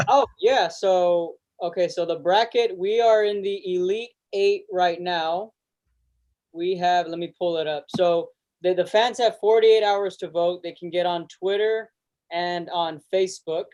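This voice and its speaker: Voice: medium pitch, unhurried, darkish tone. A show host running a casual sports talk show, speaking in an upbeat, conversational way.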